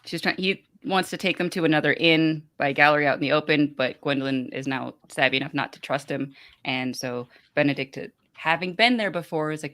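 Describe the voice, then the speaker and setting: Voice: mid-range voice, fairly quick, bright, forceful tone. Rambling podcast host recapping a book. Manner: rambling, hesitant with fillers.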